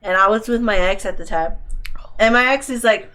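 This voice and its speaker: Young woman, podcast co-host, casual storytelling, swears a lot, acts out quotes, middle pitch. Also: brisk, sharp tone.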